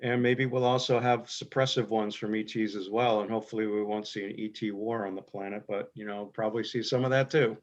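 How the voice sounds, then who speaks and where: A man's voice: lowish voice, steady tone, fairly quick, hardly any pauses. A man comments on a video call, hesitant and full of fillers. The audio is dull and a little muffled. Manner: hesitant, many fillers and repeats. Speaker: audience member.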